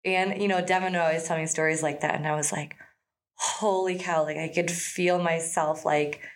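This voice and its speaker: A woman's voice: deep voice, flat delivery, brisk. A woman, a hunter, chatting casually and retelling her own experience. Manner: chatty, lots of "like" fillers. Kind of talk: casual chat.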